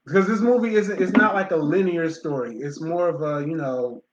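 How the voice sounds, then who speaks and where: A man's voice: fairly high pitch, fairly quick, noisy background. A man co-hosting a casual movie review, rambling with fillers and restarts. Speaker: co-host of a movie review show. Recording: dull lo-fi sound in an echoey room.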